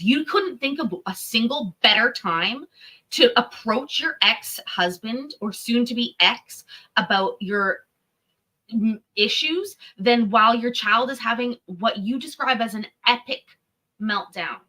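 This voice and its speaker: A woman's voice: on the high side, animated, unhurried, bright, forceful tone. A woman commenting on a court clip, talking bluntly and with profanity. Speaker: commentator reacting to court testimony. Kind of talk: reaction commentary.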